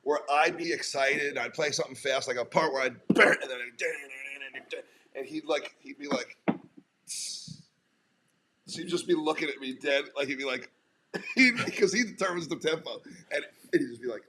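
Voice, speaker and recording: A man co-hosting a casual chat, telling stories in an excited, profane rush. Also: a little high, background noise. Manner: rapid, excited, profane storyteller. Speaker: podcast co-host.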